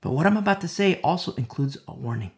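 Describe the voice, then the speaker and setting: A man preaching a verse-by-verse sermon, repeating phrases with urgent appeals and dropping to soft whispers at times. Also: a little high, lively intonation, quick pace. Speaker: preacher teaching a Bible study.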